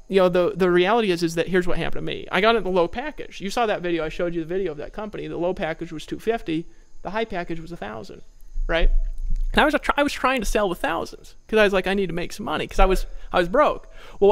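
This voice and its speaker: A network marketing trainer with a high, creaky, fairly bright voice gives an energetic sales training talk, acting out his old phone calls.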